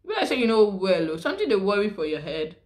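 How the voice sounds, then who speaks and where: A woman's voice: medium pitch, sing-song, fast, darkish tone. A woman with a Nigerian accent chatting to camera as a vlogger, full of rhetorical questions. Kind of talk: casual chat to camera.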